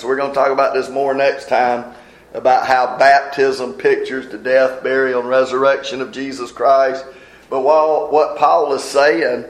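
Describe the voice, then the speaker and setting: A man's voice: medium pitch, roomy sound, low-quality recording. A man preaching a sermon in a folksy manner, explaining scripture verse by verse. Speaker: pastor.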